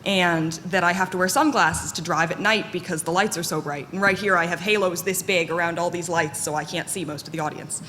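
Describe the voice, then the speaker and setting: Fairly monotone woman in an echoey hall. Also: fairly low pitch, brisk, hardly any pauses. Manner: candid, self-deprecating, chatty with many fillers. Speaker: conference speaker. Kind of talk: live conference talk. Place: conference hall. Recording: echoey hall with faint noise.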